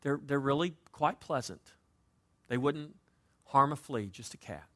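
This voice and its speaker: A man preaching a sermon as pastor, with dynamic delivery that moves between loud emphasis and quiet, conversational asides. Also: medium pitch, expressive, measured pace. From United States.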